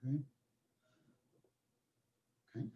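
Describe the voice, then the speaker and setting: A man in his forties teaching a math class online, chatty and joking, telling stories between problems. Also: slow. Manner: joking, storytelling, chatty with restarts. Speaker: math professor. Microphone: computer mic on a video call. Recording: dull lo-fi online class audio.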